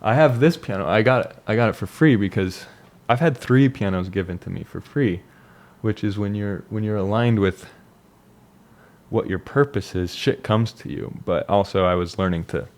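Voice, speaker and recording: Young man, slightly low voice; loose, reflective monologue with frequent restarts. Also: normal speed, darkish tone. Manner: reflective, rambling with restarts and fillers. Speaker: vlogger. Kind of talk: casual personal monologue.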